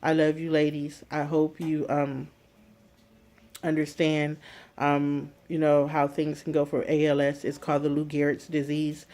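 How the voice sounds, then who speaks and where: Tearful, halting vlogger with a flat voice. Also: medium pitch. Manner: halting, with many pauses and fillers. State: emotional, close to tears. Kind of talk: personal story told to viewers.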